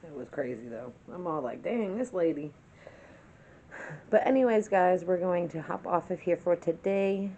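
A woman vlogger telling a story in a casual chat-with-me video, chatty and animated, laughing through it and swearing now and then. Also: fairly low pitch, moderate pace, lo-fi sound, a little hiss or hum.

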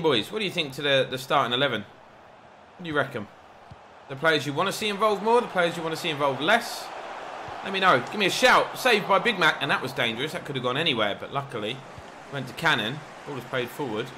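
A young man giving lively commentary over his own football video game, getting loud at big chances. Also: on the high side, fairly quick, background noise. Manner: excitable, shouts at big chances. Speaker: gaming YouTuber. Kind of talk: live gameplay commentary.

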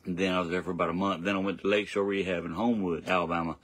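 A young man preaching an informal home sermon, earnest and repetitive, often stumbling and restarting, rising louder when he reads scripture. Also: deep voice, level tone, rapid-fire, breathy edge, no room sound. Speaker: lay preacher.

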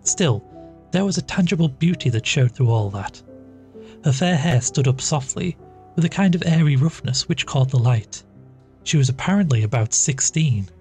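A man reading a classic short story aloud as a podcast narrator, measured and even. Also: medium pitch. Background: faint music.

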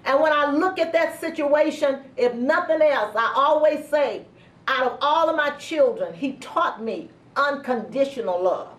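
A middle-aged woman pastor giving a sermon testimony, telling a personal story slowly and earnestly with heartfelt pauses. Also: sits high, lively intonation. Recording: roomy sound from a distance.

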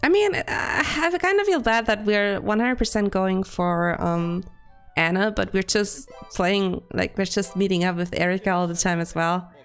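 A giggly, playful woman chatting casually while she streams a game with friends, her pitch sitting mid-range. She keeps slipping into squeaky silly voices between jokes. Faint music plays underneath her talk. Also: moderate pace, creaky, clear, resonant tone. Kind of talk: casual gameplay chat with friends.

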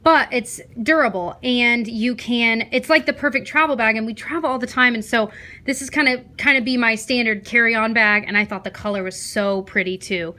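A woman vlogging casually, excitedly showing gifts and chatting while out running errands. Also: a little high, normal speed. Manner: excited, gushing. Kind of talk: casual vlog chat. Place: at home and in a car.

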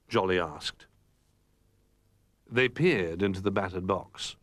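A man reading a children's picture book aloud in an expressive, animated way. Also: sits low, unhurried, pauses often, no echo. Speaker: storyteller.

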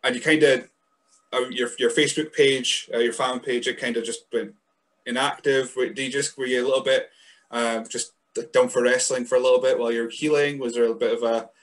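A man's voice: medium pitch, fairly even intonation, fairly quick, fairly bright tone. A man from Scotland hosting a podcast interview, asking rambling questions full of restarts. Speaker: podcast host. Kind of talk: casual interview.

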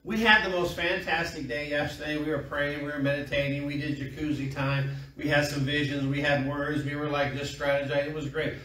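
A man's voice: fairly high pitch, level tone, a little fast, hardly any pauses, bright, forceful tone, slight background noise. A middle-aged man preaching a sermon in a folksy storytelling way, trading call-and-response with his congregation. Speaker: pastor. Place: small church room. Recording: echoey room from far off.

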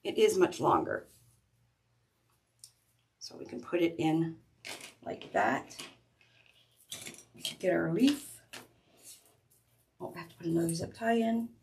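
A woman's voice: fairly low pitch, sing-song, slow pace, vocal fry, pauses often, a little mellow. A middle-aged woman hosting a casual craft tutorial, chatting and restarting her sentences as she works with her hands. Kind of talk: casual step-by-step craft demonstration.

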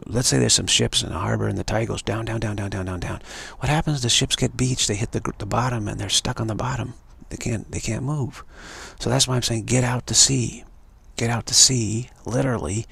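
A man's voice: on the low side, gravelly, a bit bright, breathy edge. A man giving an emphatic, repetitive live-streamed monologue, warning his listeners again and again. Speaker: speaker of a live-streamed show.

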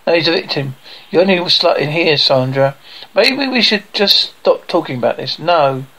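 Reading a sitcom script solo, a man with a slightly raised pitch and a gravelly, creaky edge voices every character in the same voice and speaks the stage directions aloud between lines. His delivery is animated, pushed and bright at a moderate pace, and the recording is rough.

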